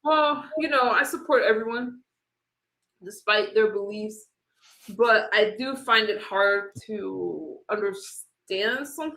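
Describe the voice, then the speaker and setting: A woman's voice: mid-range voice, fairly bright tone, echoey room. A woman hosting a casual livestream panel, chatting loosely and trailing off mid-thought. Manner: chatty, trails off, reads chat aloud. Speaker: livestream host.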